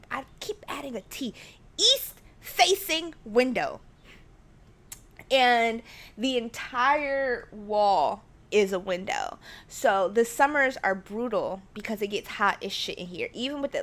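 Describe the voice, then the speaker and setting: Woman podcast host, solo casual chat from home, rambling and excitable with whispered asides, mid-range voice. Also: mid-range voice. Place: her living room at home. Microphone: studio mic at home.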